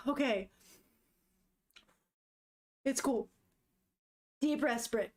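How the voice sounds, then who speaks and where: A woman vlogger talking casually and gushing with feeling as she reads. Her voice sits high and she exclaims often. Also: expressive, takes it slowly, long pauses. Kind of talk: casual reading vlog.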